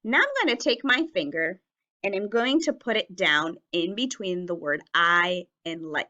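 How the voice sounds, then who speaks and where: A woman teacher leading a children's writing lesson on video, speaking slowly and enunciating words carefully so young learners can follow. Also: fairly low pitch, animated, bright, forceful tone, highs cut off. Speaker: elementary teacher.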